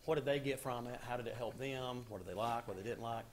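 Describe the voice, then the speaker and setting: A male teacher at a school board meeting, introducing his students in a relaxed, informal way. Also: mid-range voice, fast talker, slight background noise.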